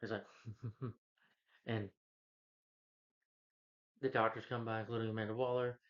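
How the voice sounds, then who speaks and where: A man's voice: lowish voice, flat delivery, normal speed. A man casually retelling a film's plot as a reviewer, rambling, with frequent restarts. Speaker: film reviewer. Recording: dull lo-fi recording.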